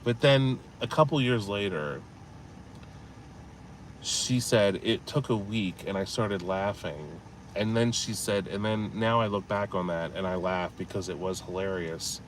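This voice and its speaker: A man rambling casually as he walks city streets and alleys, telling stories and reading chat, with faint traffic behind him. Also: lowish voice. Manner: rambling, storytelling, swears casually. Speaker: vlogger. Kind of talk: casual walking vlog with live chat.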